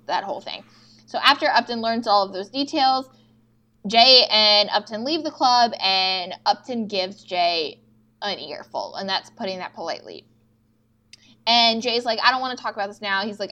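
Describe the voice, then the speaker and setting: A young woman co-hosts a podcast, casually recapping episodes by animatedly retelling TV scenes with quoted dialogue and frequent swearing. Her medium-pitched voice sounds pushed and bright.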